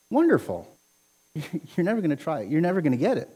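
A man preaching a sermon with passion, near to yelling at times, often repeating words as he starts a phrase. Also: fairly high pitch, wildly swooping pitch, fairly quick, husky. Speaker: pastor.

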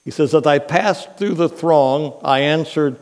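A man preaching a sermon as pastor, telling a story in an unhurried, earnest way. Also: fairly high pitch, darkish tone.

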